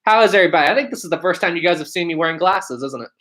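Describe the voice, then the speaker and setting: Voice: mid-range voice, lively intonation, rapid-fire, fairly bright tone. An upbeat American livestream host chatting casually and greeting viewers one by one while reading comments aloud on a home setup. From United States.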